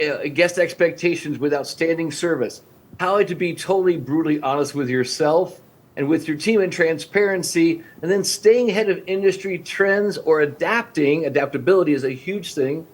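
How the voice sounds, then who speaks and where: Man, 50s, podcast guest coaching restaurant owners; lively talker who acts out client calls, voice sits a bit high. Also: moderate pace, breathy edge. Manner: energetic, acts out phone-call dialogues with clients.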